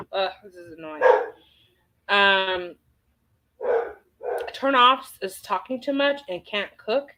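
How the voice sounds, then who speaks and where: A woman's voice: mid-range voice, a bit bright, rough recording. A woman hosting a casual livestream, reading viewer comments aloud and answering them with chatty, playful exclamations. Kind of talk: casual chat.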